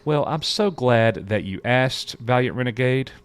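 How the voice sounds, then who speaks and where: A man's voice: medium pitch, measured pace, smooth. A man co-hosting a casual live stream, chatting loosely and reading viewer messages aloud. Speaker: show co-host.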